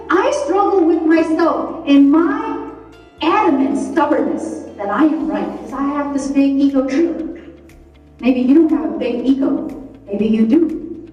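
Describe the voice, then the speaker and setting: A woman, in her thirties, giving a motivational talk to a live audience, animated, acting out her own inner voice as she scolds herself. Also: high-pitched, measured pace. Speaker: speaker. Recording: echoey hall, mic from a distance, faint music.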